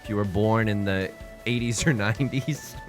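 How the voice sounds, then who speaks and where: A young man streaming a game, chatting casually and rambling excitedly to himself and his viewers. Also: on the low side, moderate pace. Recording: faint music under the voice.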